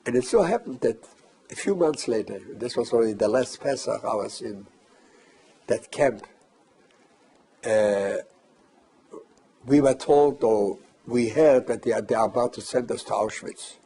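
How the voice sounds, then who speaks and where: An older man recounting a personal memory as testimony, measured and halting with pauses. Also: medium pitch, dark tone, slightly rough. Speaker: survivor giving testimony.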